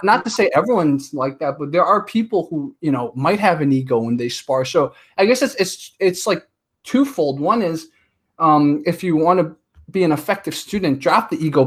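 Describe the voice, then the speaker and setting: A man in his thirties talking casually as a podcast guest, telling stories and acting out quotes in an animated way. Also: on the high side, husky. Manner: chatty, animated storyteller, acts out quotes.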